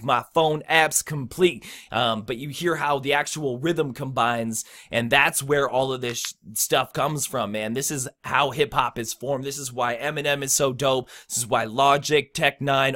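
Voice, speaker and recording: Young man, rap lesson, casual slang, filler words, mid pitch. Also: a bit bright. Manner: laid-back, slangy, filler-heavy. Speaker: rap tutorial host. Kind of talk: casual instructional talk.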